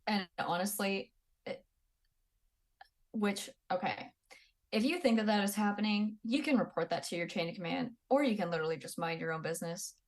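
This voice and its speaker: A woman in her twenties sits in as a podcast guest and recounts her past in plain, candid talk. Her manner is blunt and profane. Her voice sits at a middling pitch for a woman. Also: normal speed. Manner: blunt and profane, acts out quoted people. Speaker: podcast guest, Army veteran. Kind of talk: candid casual storytelling.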